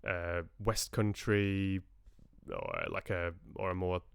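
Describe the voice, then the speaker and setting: A man talks casually to his livestream viewers, wandering from thought to thought and restarting sentences. His voice sits low and sounds smooth and clear. The recording is close and dry, with no room sound around him. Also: wildly swooping pitch, slow, no room sound. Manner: chatty, rambling, with frequent restarts. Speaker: livestream host and audiobook reader. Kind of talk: casual chat with live viewers.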